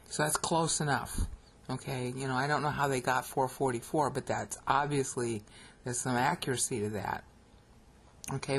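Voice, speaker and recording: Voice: mid-range voice, slight background noise. A Bible teacher with an American accent, narrating a screen-recorded lecture and checking in with listeners with frequent "okay?" as they explain.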